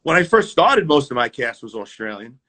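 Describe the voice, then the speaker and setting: A man with a New York accent, a tap dancer telling stories in a casual interview, animated and repeating words as he goes, on a video call. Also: medium pitch, a little fast.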